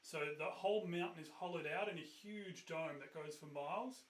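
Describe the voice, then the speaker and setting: A man narrating as game master of a tabletop game, rambling loosely with fillers and loud bursts when he voices characters. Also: on the high side, normal speed, reverberant, slight background noise, rough recording.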